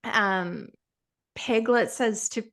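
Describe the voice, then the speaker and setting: A woman's voice: fairly high pitch, drawn-out words, a bit bright. A woman co-hosting a podcast, chatting casually and reflectively, with lots of agreeing replies. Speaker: podcast co-host. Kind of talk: casual chat.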